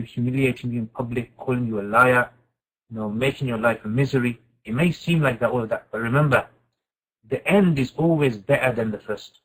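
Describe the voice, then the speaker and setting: A man teaching an informal Quran class, asking his students questions and reciting Arabic verses quickly. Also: mid-range voice, husky, poor audio. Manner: lively, asks the class questions and answers them.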